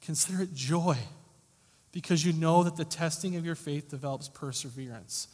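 A man preaching a sermon as pastor, earnest and emphatic, often rising and falling sharply in loudness. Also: on the high side, moderate pace. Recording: long hall reverb.

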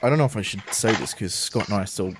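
A man's voice: lowish voice, fast, background noise. A man co-hosting a casual podcast, sardonic and swearing freely. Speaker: podcast co-host.

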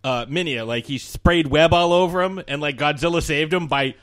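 A man co-hosting a podcast in casual chat, animated and profane, laughing often as he talks. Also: on the high side, normal speed. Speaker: podcast co-host.

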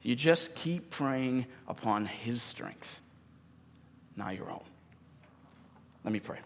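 A man in his thirties, a pastor giving a sermon in an earnest, halting way with many pauses. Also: medium pitch, expressive, in a large hall, slight background noise.

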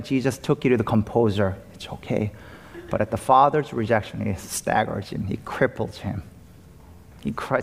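A male pastor delivers a sermon in a mid-range voice, rising emphatic one moment and dropping to a hush the next. His words ring out with the long reverb of a church hall. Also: medium pitch. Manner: emphatic, swings from loud to hushed. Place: church sanctuary.

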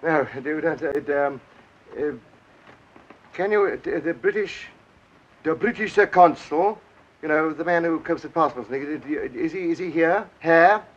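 An actor playing a flustered male tourist who stumbles and stammers through a language barrier, in old film dialogue. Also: a little high. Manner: halting and flustered, full of stammers. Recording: dull old film soundtrack.

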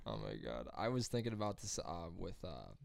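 A man's voice: low voice, sing-song, fairly quick, creaky, dry recording, studio quality. Laid-back young man, casual swearing. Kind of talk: casual podcast chat.

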